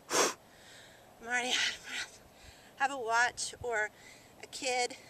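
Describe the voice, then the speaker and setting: A high, bright-voiced woman coaches an outdoor workout, upbeat and encouraging as she walks through each exercise. She is recorded outdoors in the countryside on a camera mic. Faint background noise sits behind her. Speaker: fitness instructor. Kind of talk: workout demonstration. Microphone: camera mic held by a cameraman.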